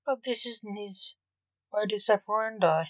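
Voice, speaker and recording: A woman's voice: mid-range voice, unhurried, dry recording, natural voice. A woman voicing an impatient, frustrated male investigator in a storybook reading. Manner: frustrated, sharp. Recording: dull, dry recording.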